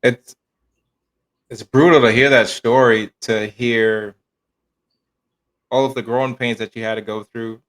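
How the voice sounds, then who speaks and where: A man's voice: medium pitch, fairly even intonation, unhurried, long pauses, fairly bright tone, poor audio. A man interviewing a guest, reacting briefly and sympathetically. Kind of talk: casual interview.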